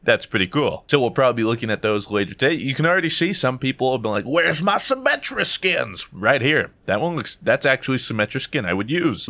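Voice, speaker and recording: A young American man commentating as he opens loot boxes, bursting into gasps, squeals and hummed tunes. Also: mid-range voice. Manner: animated, gasps and squeals at loot drops, sings and hums along. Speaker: gaming YouTuber. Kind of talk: excitable gameplay commentary.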